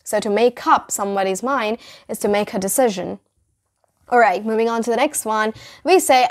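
A young woman giving a casual English vocabulary lesson to camera, chatty, repeating key phrases slowly for emphasis. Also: a little high. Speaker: English teacher.

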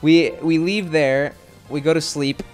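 A man's voice: fairly high pitch, steady tone, a little slow, faint music behind. A young man casually telling a long story as a streamer, rambling with lots of filler words and swearing.

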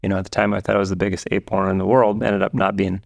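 A man co-hosting a podcast, calmly recalling his first buck with a few ums. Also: deep voice, very fast, creaky. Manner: relaxed recollection with fillers. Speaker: podcast co-host. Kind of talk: casual chat.

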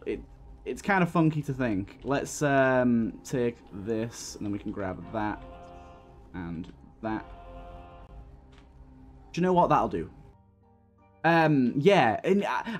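A man's voice: mid-range voice, lively intonation, unhurried, faint music behind. Chatty man rambling over gameplay. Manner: rambling, chatty, laughs often, many restarts. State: hiccuping. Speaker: gaming YouTuber. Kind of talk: casual gameplay commentary.

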